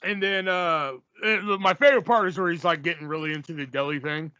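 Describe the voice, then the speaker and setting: A man's voice: a little high, fairly quick, bright, forceful tone, smooth, no room sound, muffled recording. Laid-back man recapping a film. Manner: laid-back, lots of fillers and laughs. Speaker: podcast co-host recapping a film. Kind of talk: casual chat.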